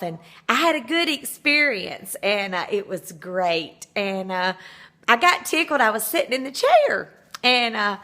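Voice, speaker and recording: A middle-aged woman tells stories to her viewers in a chatty, easygoing way. Her voice sits a little high, and she talks into a phone, often pausing with "uh" and laughing as she goes. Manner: chatty, warm-hearted, laughing storyteller with many fillers. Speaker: vlogger. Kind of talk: casual storytelling to viewers.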